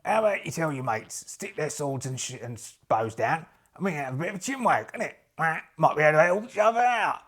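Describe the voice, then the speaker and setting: A man's voice: a little high, animated, brisk, a bit bright. A man voicing a cheeky male duck adventurer in a solo tabletop role-play, with a matey, wheedling sales patter. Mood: chummy.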